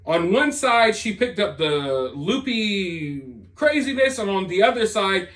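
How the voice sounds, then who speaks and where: High-voiced sarcastic man ranting. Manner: sarcastic, dismissive, rambling. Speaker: commentary channel host. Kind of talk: opinionated commentary monologue.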